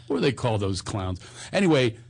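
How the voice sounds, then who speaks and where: A man's voice: medium pitch, big pitch swings, a little fast, gravelly, a little mellow. A man hosting a call-in podcast, chatting casually and ranting with comic energy. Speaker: podcast host taking calls. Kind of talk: casual chat.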